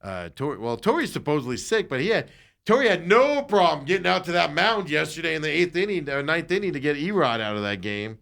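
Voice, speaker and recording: A man on a sports talk show ranting in a fired-up, sarcastic way. His pitch swings widely as he rises and falls through the rant, never settling into a flat delivery. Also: fast talker, gravelly. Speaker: sports radio host.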